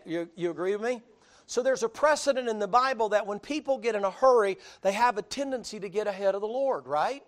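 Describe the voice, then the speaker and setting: Southern preacher guy cracking jokes, folksy sayings, pretty high voice. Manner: folksy, joking, full of homespun sayings. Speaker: pastor. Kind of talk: sermon.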